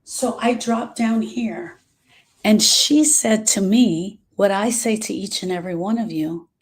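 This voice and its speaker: A middle-aged woman speaking as a grief specialist, talking earnestly to her followers and slowing down on emotional points. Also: mid-range voice. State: emotional, short of breath at moments. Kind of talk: personal talk to followers.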